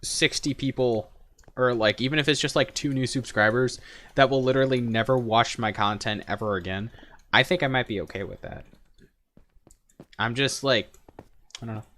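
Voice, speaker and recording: A young man with a bright, forward voice chatting casually on a gaming stream. He rambles and jokes, with plenty of fillers and restarts. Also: medium pitch, normal speed, pauses often. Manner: rambling, joking, many fillers.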